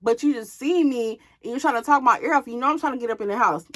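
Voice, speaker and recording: A woman vlogger telling a personal story to her viewers in an animated, casual way, swearing freely. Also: a little high, fast talker.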